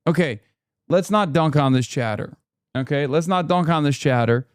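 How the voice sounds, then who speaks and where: A man's voice: a little high, expressive, normal speed, smooth, dry recording, studio quality. A man streaming live, reacting to a video and talking to chat with sarcastic, profane commentary.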